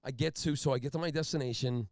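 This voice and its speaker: A man from Pennsylvania co-hosting a podcast, telling a comic story in a rambling, deadpan way. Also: medium pitch, fast, no echo, studio quality. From Pennsylvania, USA. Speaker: podcast co-host.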